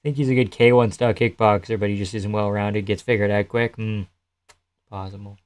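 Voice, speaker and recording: A man's voice: on the low side, fairly even intonation, fairly quick, a little mellow, clear, resonant tone. A young man live-streaming casual commentary, laughing often, swearing and answering his chat as he talks.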